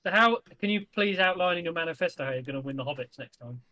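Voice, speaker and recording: High, quick, bright-voiced man. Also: lively intonation. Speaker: tabletop game player. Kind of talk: casual banter at the game table.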